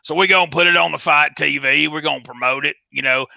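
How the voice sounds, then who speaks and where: A man's voice: on the high side, steady tone, fast talker, creaky, sharp tone, no echo, poor audio. A man with a folksy, rambling, slangy way of talking, doing a comedic bit as a wrestling promoter. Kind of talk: comedic in-character call-in.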